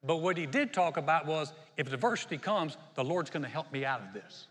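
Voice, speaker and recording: A man preaching a sermon as pastor, animated and laughing often as he quotes scripture. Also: on the high side, fairly quick. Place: church. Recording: long hall reverb.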